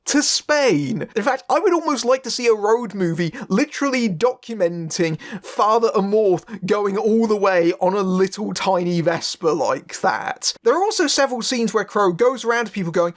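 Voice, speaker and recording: A man's voice: high-pitched, lively intonation, moderate pace, hardly any pauses. A man narrating a scripted film review in a sardonic, wry way.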